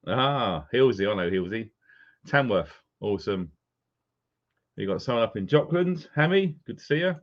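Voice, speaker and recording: A chatty male live-stream host with a lowish voice and lively intonation talks at a normal speed, greeting viewers by name in casual conversation. The lo-fi recording sounds dull.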